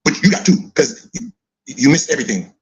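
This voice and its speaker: A man's voice: medium pitch, big pitch swings, a little fast. A middle-aged man giving casual mocking commentary, laughing often and teasing with repeated "huh?" questions. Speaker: podcast co-host reacting to clips.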